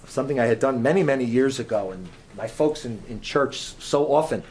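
A man's voice: medium pitch, fairly quick, a little mellow, a little hiss or hum. A man giving an informal sermon as a guest preacher in a church, chatty and joking, often repeating his phrases.

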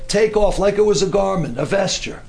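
A middle-aged man preaching a sermon in an animated way, acting out voices and breaking into shouts. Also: high voice, normal speed, creaky.

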